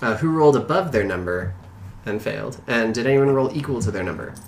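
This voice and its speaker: A man's voice: mid-range voice, animated, brisk, a little hiss or hum. A man narrating as game master of a tabletop game, hesitant and full of fillers. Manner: hesitant, many fillers and restarts. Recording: echoey room.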